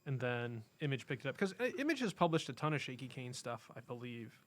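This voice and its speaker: A man co-hosts a casual podcast in a comic shop, chatting about comics in a rambling way and correcting himself as he goes. His mid-range voice swings widely in pitch, and he talks fast.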